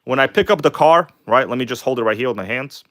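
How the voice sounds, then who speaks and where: A man hosting a casual live stream, chatting excitedly with viewers and reading their comments aloud. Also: medium pitch, fast. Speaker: RC car livestream host.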